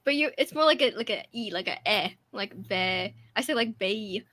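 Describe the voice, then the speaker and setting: A woman co-hosting a reading livestream, explaining things hesitantly in a relaxed, casual chat. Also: mid-range voice. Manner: slow, hesitant, giggly explaining. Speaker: booktube co-host.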